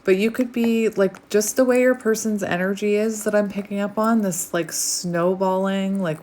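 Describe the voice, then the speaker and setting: A woman giving a casual tarot reading, rambling and chatty with many fillers, sometimes dropping to a soft near-whisper. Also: mid-range voice, steady tone, moderate pace, hardly any pauses. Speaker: tarot reader. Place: home, outdoors light fading.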